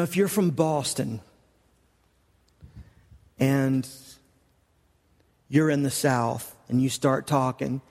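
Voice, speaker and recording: A man's voice: on the high side, darkish tone, big-room sound. A male pastor preaching a sermon, telling the story conversationally and acting out the quoted lines.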